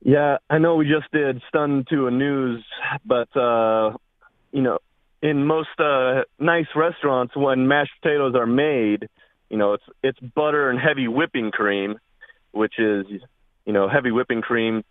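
A man calls in over the phone and talks hesitantly, pausing often on fillers. His pitch is ordinary, and the line is thin and phone-like with a dry sound. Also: dry recording. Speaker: caller. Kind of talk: call-in chat.

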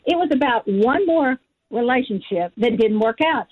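A woman's voice: high-pitched, expressive, normal speed. A woman in her forties, a guest author, telling an earnest and emotional personal story in an interview, often acting out what she thought and said. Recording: dull lo-fi audio.

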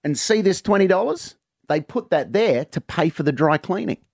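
Joke character: a high, eager pub bloke with a scheme, as a comedian puts him on. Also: male voice, normal speed, vocal fry, dry recording, clean studio sound, heavily acted. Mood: urgent. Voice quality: high, excitable.

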